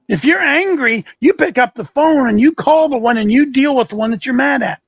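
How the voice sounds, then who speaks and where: A man with a strikingly high, gravelly voice hosts a talk show, firing off combative rhetorical questions in a preachy tone. His voice is husky and the sound is close and dry. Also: fairly quick, few pauses, dry recording, highs cut off. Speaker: talk show host and coach. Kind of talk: fiery commentary with a call-in feel.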